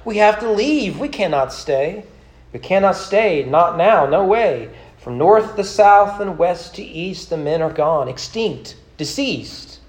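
A woman's voice: lowish voice, animated, slow, a little mellow, pitched above the performer's own voice. A man reading a rhyming poem aloud and voicing a grieving, fretful old widow. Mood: lamenting. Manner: rhyming sing-song recitation. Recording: roomy church sanctuary.

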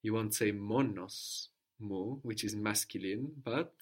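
A man's voice: lowish voice, takes it slowly, husky. A man teaching a language lesson, patiently prompting his student with questions and repeating the answers.

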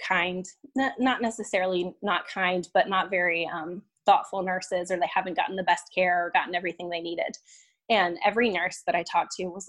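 A young woman guest recounting a painful personal experience in casual, halting talk, full of "um" and "like" and restarts. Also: on the low side. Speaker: podcast guest; violin teacher.

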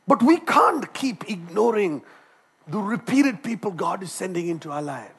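A man preaches a sermon in a high, animated voice. He tells a personal story as he goes. He often repeats words and starts his phrases over. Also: moderate pace, vocal fry, slightly rough. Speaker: doctor.

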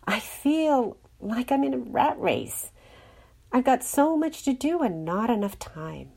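A woman's voice: fairly high pitch, expressive, slow, vocal fry, warm tone, breathy edge, voice pushed up, exaggerated voice. A woman reading a storybook part as a frazzled, overworked woman who whines and complains of exhaustion. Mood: whining. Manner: whining, breathless complaint.

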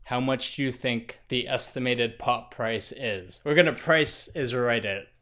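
A man's voice: mid-range voice, a little slow, a bit bright. A young man co-hosting a podcast in casual chat, dry and wry, with some swearing. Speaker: podcast co-host.

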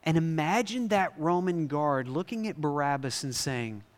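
A man preaching a sermon to a congregation, animated, asking them questions and acting out scenes. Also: fairly high pitch, normal speed. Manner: animated, asks the audience questions and acts out scenes. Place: large hall before a live congregation. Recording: long reverb in a large hall.

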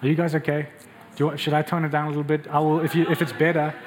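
A man's voice: fairly high pitch, little pitch movement, racing, a little hiss or hum. A man preaching a passionate, emphatic sermon and speaking directly to his congregation in a church. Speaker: pastor.

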